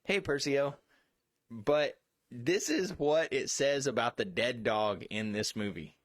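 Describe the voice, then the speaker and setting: A man co-hosting a casual chat, rambling, profane and quick to get excited. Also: medium pitch, no echo, studio quality. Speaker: co-host.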